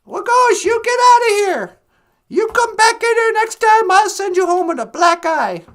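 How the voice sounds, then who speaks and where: A woman voicing an angry hen who shouts and scolds. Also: very high-pitched, animated, moderate pace, pitched above the performer's own voice. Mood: furious.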